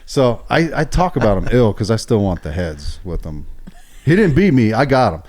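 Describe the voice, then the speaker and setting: A middle-aged man telling a story on a podcast in a casual, profane, animated way, acting out quoted lines. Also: lowish voice, normal speed.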